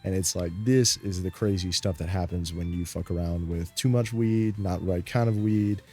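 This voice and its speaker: A man's voice: deep voice, fairly even intonation, moderate pace, darkish tone, husky, soft background music. A young man telling a story in a rambling, laid-back way, full of fillers. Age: young adult. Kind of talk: casual storytime.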